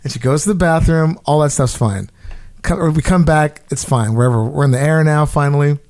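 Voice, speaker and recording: A man with a slightly raised pitch tells a story on a casual podcast. He talks in a lively way and swears a lot as he goes. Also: brisk. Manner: animated profane storytelling.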